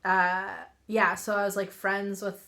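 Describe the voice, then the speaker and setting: A young woman in her twenties, a podcast guest telling stories in a relaxed, giggly, somewhat hesitant way. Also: mid-range voice, unhurried. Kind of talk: casual storytelling.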